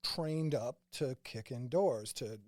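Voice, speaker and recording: A man's voice: medium pitch, slow, no room sound, clean studio sound. A man from St. Louis, a former combat medic, telling stories in a casual interview and quoting people along the way. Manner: animated anecdotes, quoting others in dialogue.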